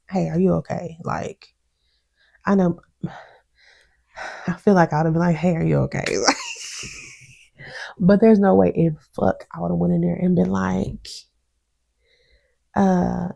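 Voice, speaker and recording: A woman's voice: lowish voice, vocal fry, slightly rough, highs cut off. A woman reviewing a reality show episode in a casual, outspoken vlog, full of slang and laughter, acting out what others said. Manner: chatty and animated, quotes others with mimicry.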